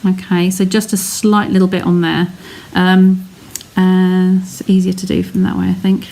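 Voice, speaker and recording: A woman's voice: fairly low pitch, monotone, moderate pace, vocal fry, mellow. An English woman giving a live card-making demonstration, chatting casually and narrating each step while answering viewers' comments. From England. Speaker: craft demonstrator.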